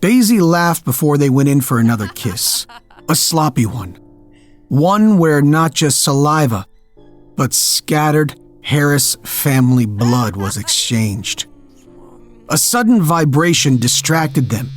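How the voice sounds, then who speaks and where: A man narrating a scripted horror story in a measured, darkly dramatic way. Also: a little high, animated, faint music behind.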